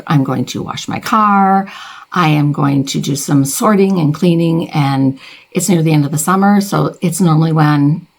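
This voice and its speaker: Middle-aged woman beauty vlogger, deep voice, rambling, heartfelt, chatty. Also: a little mellow. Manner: rambling, earnest, self-correcting. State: close to tears. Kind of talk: casual get-ready-with-me chat.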